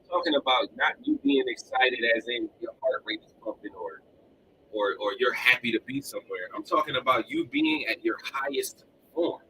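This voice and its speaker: Here a father hosts a live motivational podcast, his medium-pitched voice moving at normal speed as he energetically repeats points with animated delivery. He's in a home room with collectibles behind him. The audio is poor, with a little hiss or hum.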